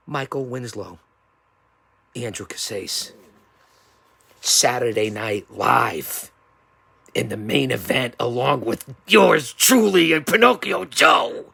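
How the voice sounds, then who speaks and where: Gravelly, theatrical hype-promo man. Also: medium pitch, big pitch swings, slow, pauses often, dry recording. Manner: theatrical, swinging from yelling to hushed threats. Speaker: show host. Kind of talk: wrestling-style hype promo.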